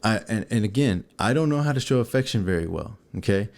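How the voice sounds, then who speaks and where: A man co-hosting a casual show, telling a personal story to viewers in an animated way and acting out scenes. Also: fairly low pitch, quick pace, creaky. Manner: animated, acts out scenes and quotes. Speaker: co-host.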